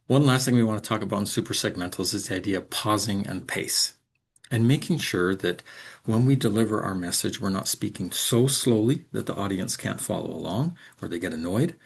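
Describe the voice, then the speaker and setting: Low gravelly-voiced male instructor. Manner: explanatory, frequent ums, demonstrates example sentences aloud. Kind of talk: recorded lecture.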